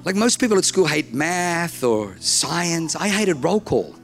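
A preacher tells a humorous sermon story and acts out every bit of dialogue. His voice is gravelly and sits fairly high for a man. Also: big pitch swings, measured pace, soft background music. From Germany, raised in Australia.

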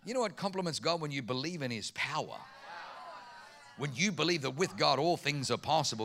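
Speaking a little high, fairly quickly and with a gravelly edge, a pastor from Germany preaches a sermon full of stories. He animates them by performing the voices of the characters he quotes.

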